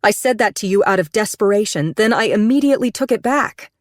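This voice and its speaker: A frightened, defensive woman in a storybook thriller, sharp and accusing, her voice raised high and tense, as a woman narrator plays her. It is recorded close and dry. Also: expressive, brisk, no room sound, close to an everyday voice.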